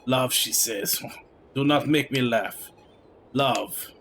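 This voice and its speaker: A man's voice: mid-range voice, takes it slowly, vocal fry, fairly bright tone, slight background noise. A man doing a sneering French knight. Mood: mocking. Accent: put-on French. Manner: scornful, sneering. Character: boastful male knight, mocking and rude.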